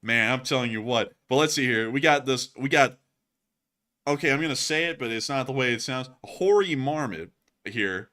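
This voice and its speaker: A man hosting a casual live stream, excitable and laughing often, with sudden loud exclamations. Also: mid-range voice, normal speed. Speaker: livestream host.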